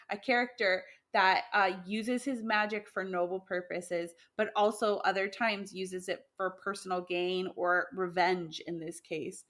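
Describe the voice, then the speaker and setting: A woman talks through old legends in a loose, casual podcast chat, with plenty of ums, restarts and quick laughs. Her voice sits at an ordinary middle pitch. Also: a bit bright. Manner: chatty, laughs often, many fillers and restarts. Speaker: podcast co-host sharing myths.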